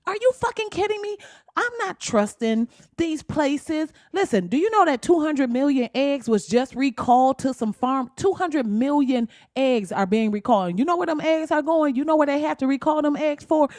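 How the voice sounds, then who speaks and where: A woman's voice: high voice, expressive, normal speed, hardly any pauses, darkish tone, no room sound, studio quality. Blunt, profane woman ranting on a podcast. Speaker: podcast host. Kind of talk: solo podcast rant.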